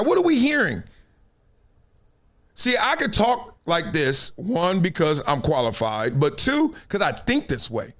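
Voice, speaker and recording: Animated, high-voiced male show host. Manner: animated, acts out voices, slangy. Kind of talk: casual commentary livestream.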